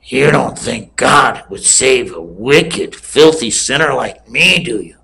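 A preacher doing a hardened gangster bodyguard. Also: male voice, mid-range voice, animated, slow, creaky, bright, forceful tone, a little hiss or hum, exaggerated voice. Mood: broken plea.

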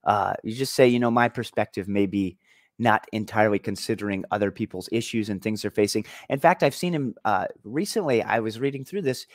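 A man's voice: fairly low pitch, brisk, no echo, clean studio sound. A man hosting an opinion commentary vlog, talking in an emphatic, argumentative way. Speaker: commentary channel host.

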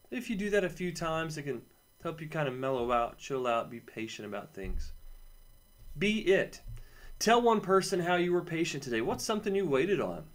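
Upbeat guy talking to kids in a lesson video, super encouraging, mid-pitch voice. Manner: encouraging, upbeat, talks directly to children. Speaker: camp teacher for children.

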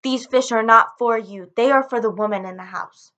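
A woman doing a stern, yelling father. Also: fairly high pitch, moderate pace. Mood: angry. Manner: harsh, scolding. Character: angry stern father yelling at his son.

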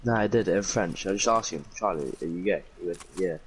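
A man's voice: low voice, quick pace, slight background noise. A man playing an online game with a friend, teasing him and calling out enemies in casual chatter. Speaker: gamer. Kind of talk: casual gaming banter.

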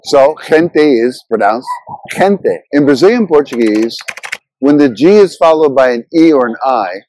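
Slightly high-voiced man explaining pronunciation. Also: a little mellow, no room sound, rough recording. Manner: explanatory, slows down to pronounce example words. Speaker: language channel host. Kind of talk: scripted language lesson narration.

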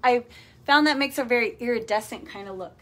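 High-pitched woman hosting a painting livestream; chatty, playful teacher who checks in often. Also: fairly quick, a bit bright, a little hiss or hum. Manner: playful made-up words. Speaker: furniture painting instructor. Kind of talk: casual livestream demonstration. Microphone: phone or camera livestream.

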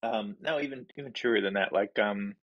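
This is a man with a somewhat low, husky voice hosting a small food review vlog. He rambles casually and fills his talk with ums and uhs. He keeps poking gentle fun at himself as he reviews a snack. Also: a little fast, lo-fi sound. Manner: rambling and self-deprecating, many fillers. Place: home basement.

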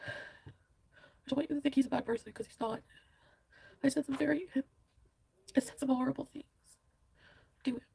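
A woman's voice: high-pitched, fairly even intonation, moderate pace, gravelly, long pauses, mellow. A woman talking frankly to her vlog viewers, rambling and filling her speech with "like" and swearing. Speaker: vlogger. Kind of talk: candid vlog talk.

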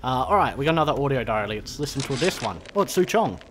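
A man's voice: medium pitch, big pitch swings, quick pace, fairly bright tone, a little hiss or hum. Jokey man playing a game. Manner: chatty, jokey, nervous muttering. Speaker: gameplay commentator. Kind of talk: casual let's-play commentary.

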